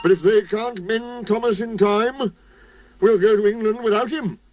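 A man's voice: high voice, normal speed, darkish tone, no echo, voice pushed up, natural voice. A man voicing a stern, pompous male railway boss in a storybook reading. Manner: pompous, bellowing orders. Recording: music playing behind.

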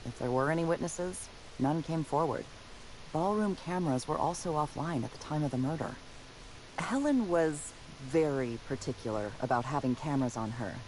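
A man voicing a deadpan formal detective robot. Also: fairly high pitch, normal speed, a little hiss or hum, lightly acted, poor audio. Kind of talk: video game dialogue.

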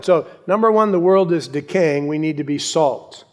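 A middle-aged male pastor preaching a sermon, emphatic, with rhetorical questions and quiet asides. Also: fairly high pitch, normal speed, hardly any pauses.

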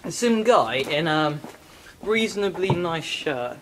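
A man's voice: fairly high pitch, takes it slowly. A young man with an English accent, chatting casually in a vlog while walking outdoors and holding the camera. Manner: chatty, animated storytelling with laughs. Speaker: vlogger. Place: outdoors on a street. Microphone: handheld camera at arm's length. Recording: noisy outdoor phone camera audio.

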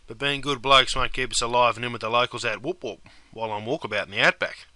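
A man's voice: medium pitch, brisk, sharp tone. A man with an Australian accent giving scripted comedic narration about slang, drawling and calling the listener mate. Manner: drawling, tacks "mate" onto phrases, broad slang. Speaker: host and teacher of Australian slang.

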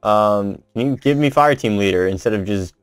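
A man's voice: lowish voice, moderate pace, clear, resonant tone, no room sound, clean studio sound. A young man chatting with a friend while gaming, telling stories animatedly and laughing often. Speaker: gaming streamer. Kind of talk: casual chat while gaming.

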